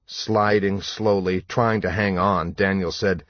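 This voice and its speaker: Deep, slow, husky male audiobook narrator. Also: steady tone, dry recording, muffled recording. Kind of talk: scripted narration.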